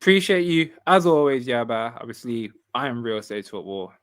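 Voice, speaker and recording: A man hosting a football fan livestream in casual chat, relaxed and repeating phrases. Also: mid-range voice, normal speed, clean tone, dry recording, clean studio sound.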